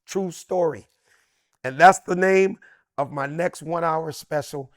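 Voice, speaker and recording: Animated storytelling man with a raised voice. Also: a little slow, long pauses, dry recording, clean studio sound. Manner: lively and emphatic, swinging from loud excited bursts to low hushed asides. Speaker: comedian and actor, interview guest. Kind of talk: animated storytelling in a sit-down interview.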